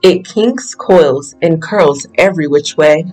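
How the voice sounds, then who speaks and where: A storybook reader taking on a child's first-person narration in a plain, mid-pitched voice. Faint music plays softly behind the reading. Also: slow, rough recording. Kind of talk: reading a picture book aloud.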